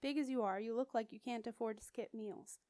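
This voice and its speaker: Woman narrator voicing a proud young noblewoman, firm and crisp-spoken, slightly high, dry close sound. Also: brisk, warm tone, no room sound, close to an everyday voice. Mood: matter-of-fact. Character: noble young girl, bold and proper.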